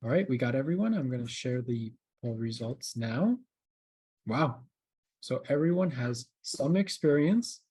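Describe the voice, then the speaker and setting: A man's voice: mid-range voice, animated, unhurried, dark tone, breathy edge. A man hosting a live webinar, talking straight to the audience in an upbeat way over a video call mic. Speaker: webinar host.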